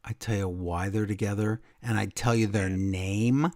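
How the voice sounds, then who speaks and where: A man's voice: fairly low pitch, fairly even intonation, normal speed, a little mellow, no room sound, clean studio sound. A man co-hosting a wrestling podcast, chatting casually and agreeably. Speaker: podcast co-host.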